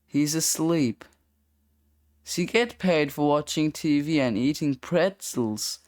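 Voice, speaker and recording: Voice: mid-range voice, takes it slowly, darkish tone, no room sound, studio quality, close to an everyday voice. A reader doing a cocky wisecracking schoolboy. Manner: wisecracking, flippant. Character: cocky sixth-grade boy, joking troublemaker. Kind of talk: comic strip read-aloud.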